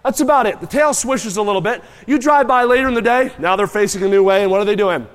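A man preaching a sermon, animated and folksy, mooing and calling on the congregation to join in. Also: sits high, fast, clear, resonant tone. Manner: animated, moos and chews aloud, calls on the crowd. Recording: long hall reverb.

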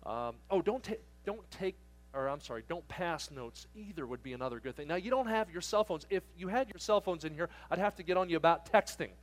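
A man's voice: on the high side, animated, brisk. Joking, firm camp preacher man. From southern New Jersey. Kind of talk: sermon to teens.

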